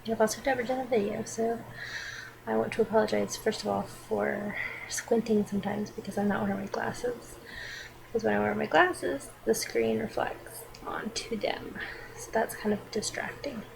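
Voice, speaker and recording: A woman's voice: medium pitch, steady tone, moderate pace, vocal fry, noisy background. A young woman with a Georgia Southern accent, reading out a word list with hesitant, chatty asides between words. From Athens, Georgia, US. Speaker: vlogger.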